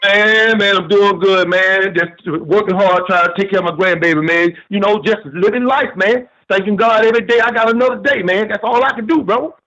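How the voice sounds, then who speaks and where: A man's voice: high-pitched, fairly quick, few pauses, pushed and bright, soft background music. An older man with a Southern US accent calling in to a sports show, folksy and sermon-like, repeating "man". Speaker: caller. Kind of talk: phone-in preaching-style rant. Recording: muffled phone call.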